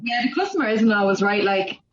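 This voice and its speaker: A woman's voice: mid-range voice, lively intonation, fast, highs cut off. A woman chatting on a podcast, telling a work story in a dry way. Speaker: podcast co-host. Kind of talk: casual chat.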